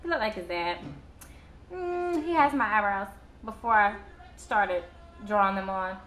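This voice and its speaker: A woman's voice: medium pitch, a little slow, a bit bright. A young woman vlogging at home, cooing baby talk to her infant son and chatting to her viewers. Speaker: vlogger and new mother. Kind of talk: casual home vlog. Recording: roomy echo, faint background noise.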